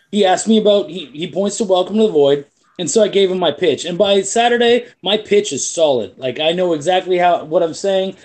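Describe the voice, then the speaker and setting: High-voiced man telling a story. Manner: animated storyteller who swears freely. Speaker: comic book creator. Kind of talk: casual chat.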